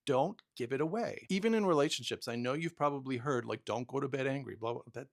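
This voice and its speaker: Gravelly-voiced man giving candid advice. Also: medium pitch, fast talker. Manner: candid, self-deprecating storytelling with frequent restarts. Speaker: podcast host. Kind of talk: casual advice monologue.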